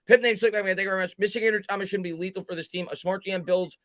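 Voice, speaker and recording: A man hosting a live sports reaction stream, calling plays and reading viewer comments aloud with quick, halting restarts. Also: sits high, fairly even intonation, a bit bright, no echo. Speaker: host doing play-by-play.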